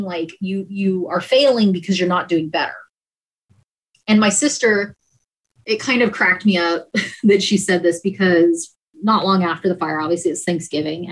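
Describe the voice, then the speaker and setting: An emergency dispatcher tells her story in an interview, candid and emotional, dropping "like" again and again. Her voice is lowish, and the recording quality is poor.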